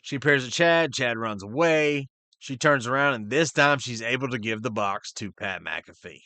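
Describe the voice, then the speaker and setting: A man hosting a podcast, recapping a wrestling show in casual, profane chat and quickly voicing the people he quotes. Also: mid-range voice, no room sound. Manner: profane, excitable, retells scenes in quick voices. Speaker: podcast host.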